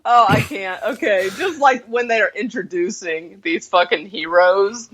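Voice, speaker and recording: A woman's voice: medium pitch, measured pace, fairly bright tone, husky. A woman from the States, co-hosting a movie podcast, laughing a lot as she retells scenes with plenty of swearing. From southern United States. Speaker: podcast co-host. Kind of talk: casual movie review chat.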